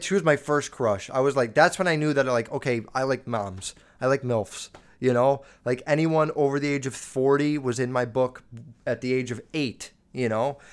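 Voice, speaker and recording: A man's voice: medium pitch, clean tone. A young man hosting a podcast, telling rambling, crude stories about his school years and swearing constantly. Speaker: podcast host. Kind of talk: casual storytelling monologue.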